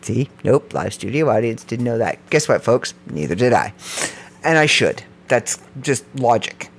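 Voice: normal speed, breathy edge. A podcast host who reads out facts and keeps breaking off into playful, joking asides. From Canada. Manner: animated, with sudden jumps up and down in pitch. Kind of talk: podcast narration read from notes.

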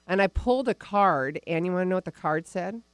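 A woman's voice: on the low side, brisk, smooth, dry recording. A woman hosting a live spiritual talk radio show, bubbly and enthusiastic, chatting into a studio microphone. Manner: bubbly, enthusiastic, laughs often. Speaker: radio show host and psychic reader.

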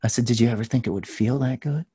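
Man in his thirties, mellow low-key tone, earnest and intense guest storyteller. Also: quick pace, slightly rough. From United States. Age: 30s. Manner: earnest, intense, rising to loud passion. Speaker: podcast guest. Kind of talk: casual storytelling.

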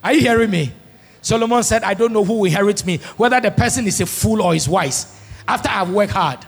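A pastor preaching a sermon, moving from soft asides to shouted, sung-out lines. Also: male voice, high-pitched, brisk, husky. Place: large church hall. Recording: long church hall reverb.

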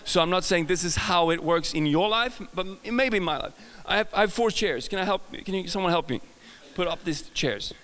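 A man's voice: sits high, animated, fairly quick, few pauses, a bit bright, big-room sound. A man with a Swedish accent preaching a casual, joking sermon, often restarting his sentences and talking to the audience. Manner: chatty, self-correcting, jokes with the audience.

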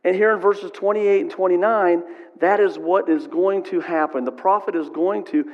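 A man's voice: high voice, steady tone, moderate pace, highs cut off. Middle-aged male pastor preaching, echoing hall. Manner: conversational, asks the crowd "right?". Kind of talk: sermon.

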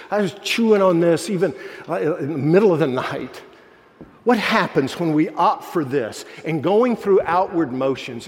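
Preacher man with a long hall echo. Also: darkish tone. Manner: earnest storytelling, pitch dropping low for quoted voices. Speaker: pastor. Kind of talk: sermon.

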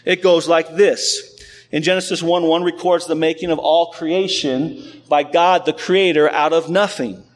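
Man preaching, slightly high voice. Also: measured pace. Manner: conversational, animated storytelling preaching. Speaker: pastor. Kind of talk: sermon.

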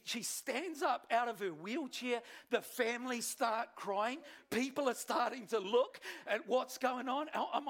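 A male pastor, preaching a sermon with animated, self-deprecating storytelling. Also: extremely high pitch.

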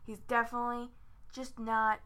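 A young woman co-hosting a podcast with her father, mostly giving short, relaxed agreeing replies. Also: on the high side, normal speed, smooth. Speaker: podcast co-host, host's daughter. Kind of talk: casual wrestling prediction chat.

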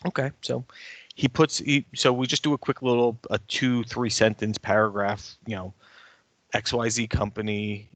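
A man co-hosting a podcast, telling a story in a casual, animated way and getting worked up as he rants. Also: medium pitch, normal speed, dry recording. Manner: animated, ranting storyteller who grows heated. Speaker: podcast co-host and editor.

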